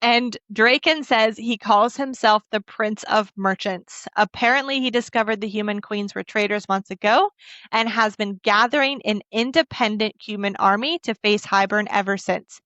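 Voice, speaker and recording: A woman's voice: mid-range voice, normal speed, a bit bright, no echo. A woman co-hosting a book podcast, retelling a fantasy novel's scenes in a casual, emotional way and quoting the characters' lines. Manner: emotional, laughs and chokes up while recounting. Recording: dull lo-fi dry audio.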